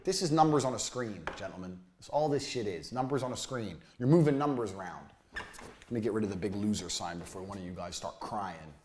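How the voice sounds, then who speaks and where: A man giving a blunt, profane motivational business lecture, swinging between loud jabs and low muttered asides. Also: animated, brisk, a little hiss or hum. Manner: blunt, aggressive, swears constantly. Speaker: business coach.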